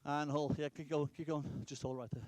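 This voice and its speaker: A man's voice: on the high side, level tone, fairly quick, darkish tone, dry recording. A middle-aged man from Britain, a soccer coach calling out instructions during a drill demonstration. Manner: directive, instructive, calls out drills.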